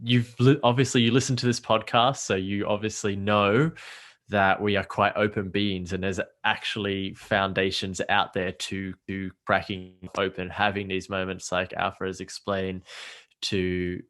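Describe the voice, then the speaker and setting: A man's voice: low-pitched, flat delivery, measured pace, a bit bright. A man co-hosting a podcast, closing the episode with earnest thanks to the guest and a plug for the guest's course. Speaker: podcast co-host.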